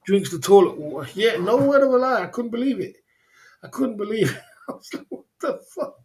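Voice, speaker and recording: A man's voice: high voice, expressive, brisk, a little mellow. A man hosting a casual livestream, rambling and laughing a lot, with plenty of slang. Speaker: livestream host.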